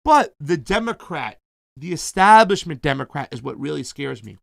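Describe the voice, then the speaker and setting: High, gravelly-voiced man ranting casually. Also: normal speed, no echo, studio quality. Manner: animated, informal, addresses viewers as fam. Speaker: political commentary show host. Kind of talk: casual political commentary chat.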